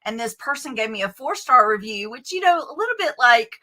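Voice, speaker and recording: A woman with a Southern American accent, a guest author telling stories in a lively, animated way. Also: a little high, fairly quick. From United States. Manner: lively, animated storytelling with self-corrections. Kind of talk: conversational interview.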